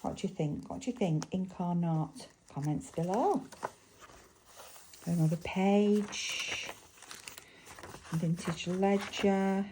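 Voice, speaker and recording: Working at her craft table, a woman from England with a Lancashire accent thinks aloud and puts questions to her viewers in a relaxed crafting vlog. She speaks slowly, with long pauses, in a dark voice on the low side. The low-quality recording has slight background noise.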